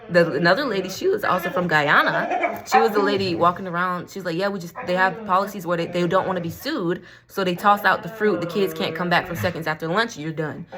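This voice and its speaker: Chatty, laughing woman vlogger. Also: on the low side. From Florida. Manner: chatty and rambling, laughs often, says y'all. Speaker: vlogger and crystal seller. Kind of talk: casual chat to camera. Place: at home.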